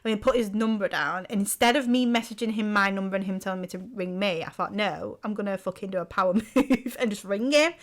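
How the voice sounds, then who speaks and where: A young woman tells a story on a podcast at an ordinary middle pitch. She rambles through it, full of fillers, restarts and the odd swear word. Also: brisk, few pauses. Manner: rambling storytelling, heavy use of "like", casual swearing. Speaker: podcast co-host. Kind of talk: casual chat.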